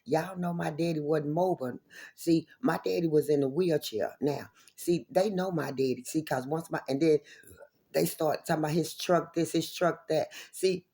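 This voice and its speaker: A low-pitched woman with a warm, slightly rough tone speaks at a moderate pace directly to her viewers. Her vlog is an angry, confrontational monologue full of swearing and repetition.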